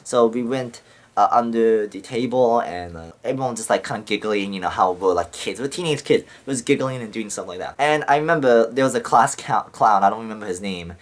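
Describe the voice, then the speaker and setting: A man's voice: fairly low pitch, a little fast. Young man rambling with heavy swearing. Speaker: vlogger. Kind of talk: casual storytelling to camera.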